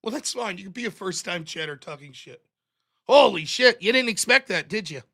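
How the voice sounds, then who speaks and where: A man hosting a live-streamed show, ranting through profane, mocking political commentary that swings from shouting to muttering. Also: high-pitched, animated, fairly quick, creaky.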